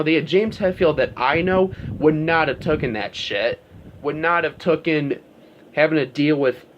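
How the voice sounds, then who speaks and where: A man's voice: on the high side, dull audio, a little hiss or hum. A man talking straight to his viewers in a casual, rambling rant, swearing often and filling his talk with "like" and "you know.". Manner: profane, rambling, heavy on fillers. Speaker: vlogger. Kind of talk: casual ranting monologue.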